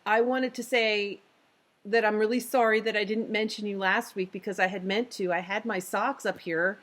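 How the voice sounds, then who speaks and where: A woman co-hosting a casual podcast chat. She rambles happily, with plenty of ums and likes and the odd giggle, her pitch sitting in the middle range for a woman. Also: normal speed. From San Diego, US. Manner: chatty, animated, lots of fillers and giggles. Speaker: podcast co-host.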